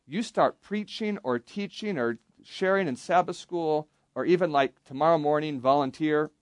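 A man's voice: fairly high pitch, moderate pace, dry recording. A man giving an interactive Bible lesson to young campers, asking the group questions and leading them in call-and-response. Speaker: camp Bible teacher.

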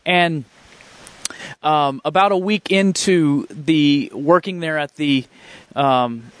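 A man's voice: on the high side, fairly bright tone, no echo. A man telling his faith testimony in an earnest, emotional way, often restarting his sentences. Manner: earnest, halting storytelling with many restarts; fervent and emotional. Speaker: speaker sharing a faith testimony. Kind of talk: personal faith testimony storytelling.

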